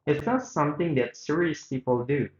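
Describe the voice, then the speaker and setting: A man's voice: fairly high pitch, animated, moderate pace, lo-fi sound. Man reading an interview aloud, roomy sound. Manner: reads a script aloud with small slips and restarts. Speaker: student reading both sides of a radio interview. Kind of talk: read-aloud interview reenactment.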